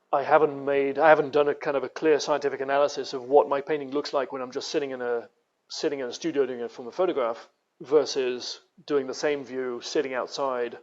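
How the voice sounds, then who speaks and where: British guy chatting on a podcast, rambly, keeps restarting, medium pitch. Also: muffled recording. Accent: British English. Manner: rambling, with many restarts and acted quotes. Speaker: guest artist. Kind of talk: casual interview talk.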